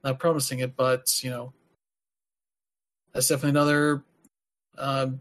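Guy rambling on a podcast, lots of uhs and you-knows, mid-pitched. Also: flat delivery, normal speed, fairly bright tone. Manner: rambling, many filler words. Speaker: podcast host. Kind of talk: casual chat.

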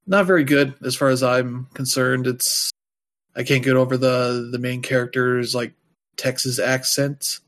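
A man's voice: medium pitch, steady tone, measured pace, fairly bright tone. A man chatting casually as a podcast co-host, rambling loosely with lots of fillers and dropping wry, offhand asides. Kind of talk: casual chat.

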